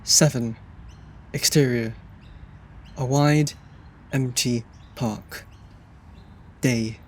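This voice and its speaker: A man reads scene directions and headings in a dry, matter-of-fact tone, at a mid pitch for a man. A faint hum of ambience sits under his voice. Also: fairly even intonation, extremely slow. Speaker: narrator reading a screenplay. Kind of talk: scripted narration of scene directions.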